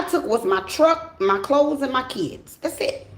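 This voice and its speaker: A woman's voice: on the high side, normal speed, slight background noise. A woman telling a story casually to her viewers, laughing, swearing and acting out what people said. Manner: animated, swearing, laughing storyteller who acts out dialogue. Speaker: tarot reader and channel host. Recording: echoey room.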